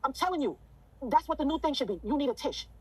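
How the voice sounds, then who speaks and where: Rapid-fire fervent woman telling her story. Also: high-pitched, expressive, low-quality recording. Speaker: interview guest. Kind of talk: emotional interview testimony.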